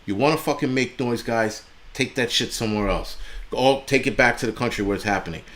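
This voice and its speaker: A man's voice: medium pitch, a little fast, a bit bright. A man hosting a livestream, ranting angrily and bluntly with heavy profanity and mocking asides. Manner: angry, blunt and heavily profane, mocking voices in quotes. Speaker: livestream host. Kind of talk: profane political rant on a livestream.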